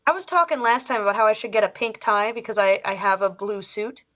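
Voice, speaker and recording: A woman's voice: mid-range voice, fairly quick, fairly bright tone, muffled recording. A woman streaming a game, chatting casually, swearing and reading the game's text aloud. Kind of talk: casual let's-play chat. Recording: faint game music behind.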